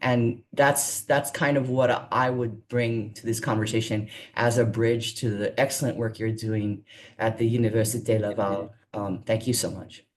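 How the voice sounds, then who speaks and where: A man, a language educator, giving an earnest, measured comment in an online panel. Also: lowish voice, level tone.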